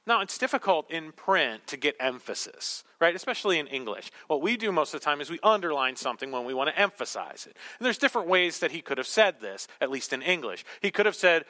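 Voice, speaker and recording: A male pastor delivers a sermon to a congregation in a high, bright voice. He leans hard on key words, then falls to a near whisper for emphasis. His delivery stays theatrical and insistent throughout. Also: expressive, a little fast. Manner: dramatic swings from loud emphasis to hushed whisper. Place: church hall with congregation.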